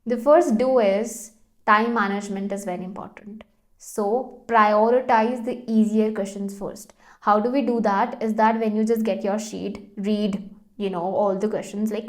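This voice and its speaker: A young woman with an Indian English accent, giving exam tips as a French tutor in an explanatory, emphatic way with varied intonation. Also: mid-range voice.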